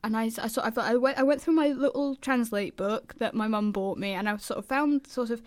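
Young British female co-host, fairly high voice, giggly self-deprecating storyteller. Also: brisk. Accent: British English. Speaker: radio co-host. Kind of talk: casual radio chat.

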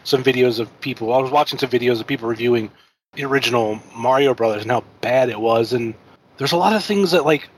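A man's voice: medium pitch, fast, poor audio. Man on a podcast panel, faint hiss. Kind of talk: casual podcast chat.

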